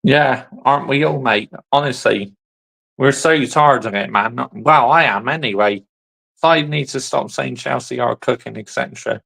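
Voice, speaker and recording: A man's voice: mid-range voice, normal speed, vocal fry, fairly bright tone, rough recording. A man hosting a football channel, chatting casually in short asides as he reacts to a fan's video. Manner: laid-back, chatty, answering the clip in short asides.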